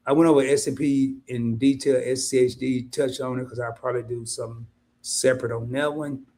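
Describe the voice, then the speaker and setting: A man's voice: steady tone, brisk, mellow. A man hosting an investing livestream in a casual, colloquial way, addressing viewers directly as "y'all". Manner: mimics worried investors in high voice.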